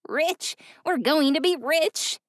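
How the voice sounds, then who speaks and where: A woman voicing a scrawny, whiny young man in an audiobook, eager and excitable. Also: mid-range voice, brisk, dry recording, clean studio sound.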